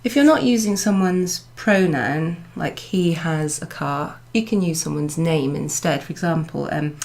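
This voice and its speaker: A woman teaching a beginners' French class in a slow, patient way, saying each phrase twice and filling her pauses with ums. Her voice sits a little low, and she keeps an unhurried teaching pace all the way through. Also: creaky, darkish tone. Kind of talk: recorded class summary lesson. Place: classroom in a pub venue.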